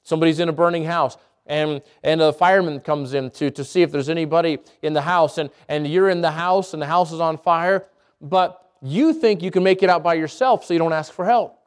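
A man's voice: a little high, brisk, smooth. A man preaching and teaching how to share faith, earnest and conversational, acting out example prayers. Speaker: pastor teaching evangelism. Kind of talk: sermon teaching.

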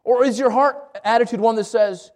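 High-voiced man preaching a sermon. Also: fairly even intonation, normal speed, darkish tone. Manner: repeated rhetorical questions with stammered restarts. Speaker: pastor.

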